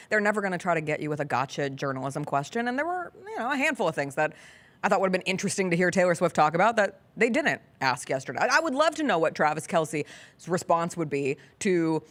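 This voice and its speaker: Laughing frequently, a female sports radio host keeps up casual, animated chat. Her voice sits on the low side and sounds a bit bright.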